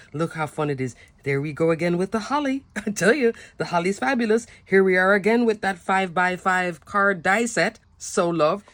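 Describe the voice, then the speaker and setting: A woman's voice: on the low side, no room sound. A woman showing her handmade holiday cards and treat bags, talking enthusiastically in a chatty product demo. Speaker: papercraft design team member.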